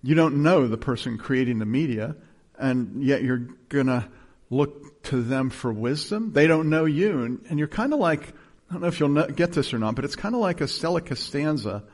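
Gravelly-voiced man preaching a sermon. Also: medium pitch, animated, moderate pace, a little mellow. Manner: conversational, quizzing the congregation. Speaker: pastor.

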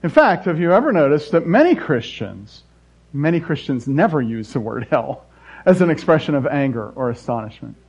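Animated preaching man, lo-fi sound. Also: fairly high pitch, normal speed, slightly rough. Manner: animated, swings between loud emphasis and soft asides. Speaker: pastor. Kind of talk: sermon. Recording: dull lo-fi recording.

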